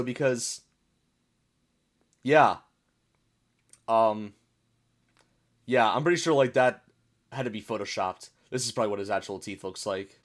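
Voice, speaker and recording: A young American man casually reacting to memes as a video host, chatty and puzzled, reading captions aloud. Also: medium pitch. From United States.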